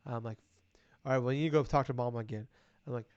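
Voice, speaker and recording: A man's voice: mid-range voice, fairly even intonation, quick pace, a little mellow, smooth, no room sound. Profane, ranting podcast guy. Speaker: podcast co-host. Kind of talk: casual chat. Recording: dull lo-fi recording.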